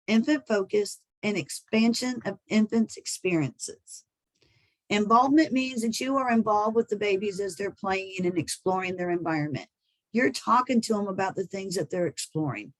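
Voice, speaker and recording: A woman's voice: medium pitch, dry recording, low-quality recording. Woman trainer explaining infant care. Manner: demonstrates soft, sing-song talk to babies; plain, explanatory delivery with small restarts. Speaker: early learning trainer. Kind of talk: training presentation.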